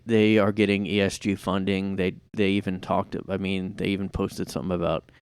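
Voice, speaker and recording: A man with a low, smooth voice rambling sarcastically through his solo podcast. The sound is dry and close, recorded in his room. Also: darkish tone, dry recording. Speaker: podcast host. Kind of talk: casual solo podcast monologue.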